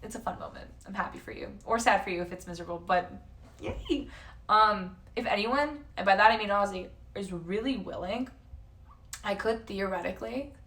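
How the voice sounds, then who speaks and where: A woman's voice: medium pitch, a bit bright. A woman in her twenties chatting casually on a live stream, answering chat and swearing now and then. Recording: voice somewhat distant from the mic.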